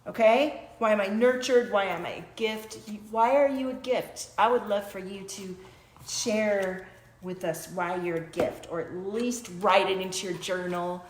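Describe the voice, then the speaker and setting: A woman's voice: mid-range voice, fairly even intonation, measured pace, roomy sound, a little hiss or hum. A woman hosting a casual spiritual livestream from her small home studio, pulling oracle cards for viewers, chatting loosely and now and then breaking into chanted light-language syllables.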